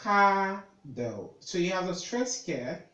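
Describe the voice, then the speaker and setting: A man teaching pronunciation in an online lesson, speaking slowly and repeating each word several times. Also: fairly high pitch, lively intonation. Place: room with a board. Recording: echoey room.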